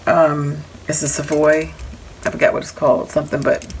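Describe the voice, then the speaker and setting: This crafting vlogger has a deep, creaky voice that stays level as she speaks at a normal pace. She's doing a chatty show-and-tell of craft dies she picked up, apologizing here and there along the way. The recording is rough, with noticeable background noise.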